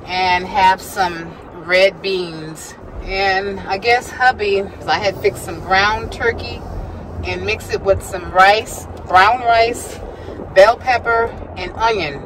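A woman's voice: medium pitch, fairly even intonation, slow, noisy background. A woman vlogger talking to her viewers while she drives, chatty and laughing, sometimes out of breath. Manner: chatty, laughs often, talks to herself. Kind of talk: casual chat while driving. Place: inside a car.

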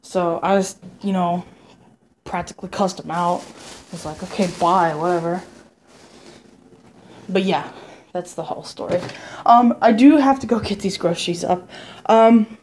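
A young woman telling a story casually at home, animated and swearing freely as she quotes people. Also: mid-range voice, normal speed, a little hiss or hum. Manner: animated, profane, quotes people in raised voices. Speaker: vlogger.

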